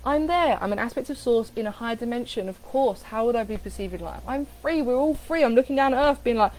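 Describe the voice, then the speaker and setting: A woman giving a casual coaching talk on affirmations, animated, repeating phrases with different inflection. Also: on the high side, quick pace, few pauses, a little hiss or hum, rough recording. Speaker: spiritual coach.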